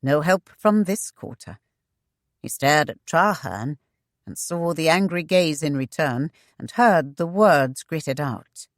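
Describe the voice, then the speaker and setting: A woman reading a historical romance audiobook in a measured, expressive way. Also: deep voice, dry recording, studio quality. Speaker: audiobook narrator. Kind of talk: scripted narration.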